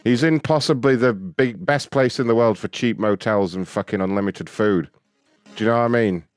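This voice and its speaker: A man rants and mocks in profane prank-call banter, swearing nearly every sentence. His voice sits on the low side and sounds dry and close. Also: normal speed, dry recording, faint music behind. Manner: swearing, mocking, laughing. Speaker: prank caller.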